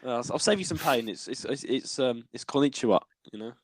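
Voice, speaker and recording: A young British man co-hosting a podcast in casual chat, giggly and animated, often stumbling over restarts. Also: mid-range voice, fast. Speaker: podcast co-host.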